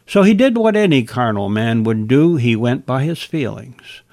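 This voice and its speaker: A man's voice: mid-range voice, expressive, moderate pace, darkish tone, no room sound, clean studio sound. A man teaching a Bible lesson as narration, adding wry asides between the scripture readings.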